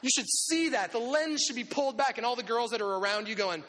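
A man preaching a sermon to young people, animated and conversational, acting out little quotes as he goes. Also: very high voice, quick pace. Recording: long echoing hall reverb.

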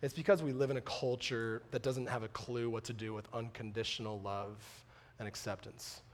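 A man preaching a sermon, animated and conversational, acting out little dialogues and swinging from joking asides to loud, impassioned appeals. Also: mid-range voice, normal speed, slight background noise. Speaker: pastor.

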